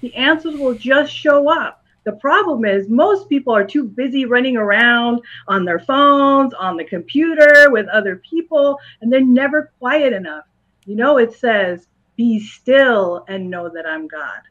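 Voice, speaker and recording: A woman with a fairly high voice answers interview questions in a calm, patient way. She explains ideas in simple words for a young listener. The recording sounds dull and lo-fi. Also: measured pace. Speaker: guest, school psychologist and clairvoyant.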